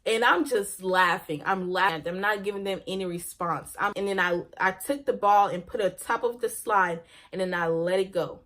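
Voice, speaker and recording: A woman's voice: mid-range voice, normal speed, hardly any pauses, a bit bright. A young woman vlogger telling a casual personal story, laughing often and ending on a faith message.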